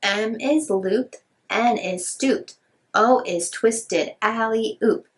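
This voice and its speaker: Slow sing-song woman reading to kids. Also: a little high, a little hiss or hum. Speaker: children's storyteller. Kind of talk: reading picture books aloud to young children.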